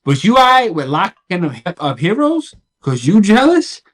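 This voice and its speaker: A man with a somewhat raised pitch co-hosting a comics podcast. He talks bluntly and swears a lot, throwing in animated, incredulous reactions. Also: moderate pace. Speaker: podcast co-host. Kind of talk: casual comics discussion.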